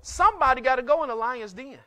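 A male pastor preaching with a very high, bright voice that swings widely as he pushes the congregation. He keeps circling back to the same rhetorical questions and breaks into shouts. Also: expressive, quick pace. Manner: call-and-response preaching, repeated rhetorical questions, sudden shouts. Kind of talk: sermon.

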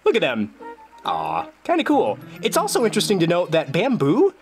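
Young male gaming host, playful and jokey, swooping lively delivery, light game music underneath. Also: sits high, moderate pace. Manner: playful, jokey, animated exclamations. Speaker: gaming video journal host. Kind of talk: casual gameplay commentary.

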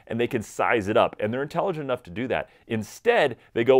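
A man giving energetic, conversational dog training advice directly to his viewers. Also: medium pitch, fast, few pauses. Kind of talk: instructional talk to camera.

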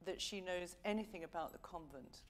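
A woman's voice: fairly low pitch, brisk. Middle-aged English woman, masterclass teacher, encouraging, demonstrates lines herself, faint room hum. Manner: encouraging, demonstrates phrases aloud. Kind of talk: vocal masterclass coaching.

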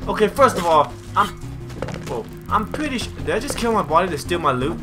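A man commentating over his own video game playthrough, excitable and quick to yelp when something surprises him. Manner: excitable, yelps and jumps in pitch when surprised. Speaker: gaming channel host. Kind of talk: let's play commentary. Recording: music playing behind the voice.

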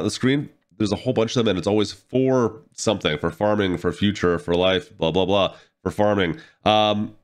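Nasal-voiced man hosting a gaming update. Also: lowish voice. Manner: chatty and upbeat, excited speculation. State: nasally from a cold. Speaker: host of a gaming news channel. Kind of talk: casual news rundown.

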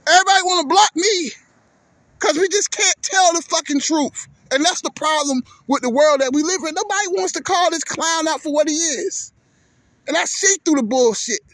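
A man's voice: very high voice, a bit bright, dry recording. A man ranting heatedly about basketball, cursing often and tripping over repeated words. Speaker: vlogger. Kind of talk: profane sports rant.

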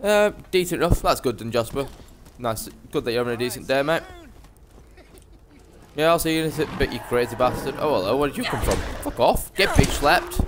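A man's voice: mid-range voice, animated, fairly quick, background noise. A young man giving brash, sweary live commentary as he streams a game.

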